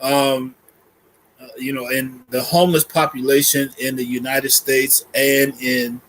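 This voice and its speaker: A man's voice: mid-range voice, flat delivery, a little slow, fairly bright tone, poor audio. A man from Boston, speaking earnestly in a casual interview, laughing easily and working through statistics.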